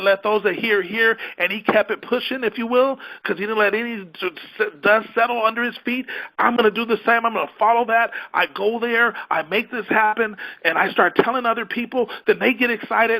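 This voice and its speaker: A man's voice: sits high, vocal fry, bright, forceful tone, poor audio. A man giving a fervent motivational training talk to a sales team, acting out his prospects' doubts and joy in their own words. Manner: preachy and fervent, acts out prospects' inner voices. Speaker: business leader giving a training call.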